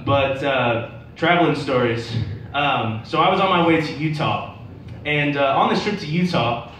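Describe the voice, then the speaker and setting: Rambling young stand-up in a roomy bar. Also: male voice, mid-range voice, fairly bright tone, a little hiss or hum. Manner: rambling storytelling with many fillers. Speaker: stand-up comedian. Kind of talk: open-mic stand-up set. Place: bar open mic night. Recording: roomy bar sound from a distance.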